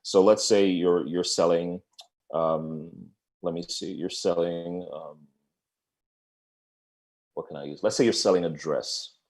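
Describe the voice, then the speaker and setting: A man speaking as a business coach in a webinar over a video call, with a lively, conversational delivery and playful asides. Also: low voice, slow, pauses often. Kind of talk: webinar presentation.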